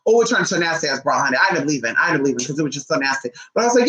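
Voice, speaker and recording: Young woman vlogging a story, swears a lot, pitch jumps all over, bright voice, echoey room. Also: racing, few pauses. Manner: animated, profane, acts out quotes in shifting voices. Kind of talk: casual storytelling.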